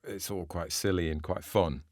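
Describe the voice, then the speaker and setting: A man co-hosting a podcast, explaining a book in a dry, deadpan, teasing way. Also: sits low, moderate pace, dry recording. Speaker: podcast co-host reviewing a book. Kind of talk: casual chat.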